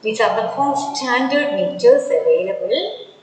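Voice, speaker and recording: A woman teaching a poetry class online, her slightly high voice unhurried and deliberate as she restates each point. The sound carries a heavy echo with a long reverb tail, as if from a bare, hard-walled room. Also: animated, slight background noise. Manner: slow, deliberate, repeats and restates words. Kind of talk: online lecture.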